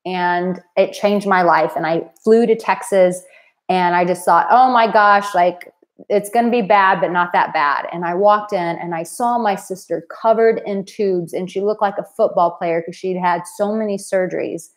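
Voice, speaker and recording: A woman's voice: lowish voice, normal speed. A woman in her thirties or forties hosting a live stream as a dating coach, talking earnestly and from the heart to her viewers. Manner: earnest, heartfelt, emotional at times. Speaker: dating coach and channel host.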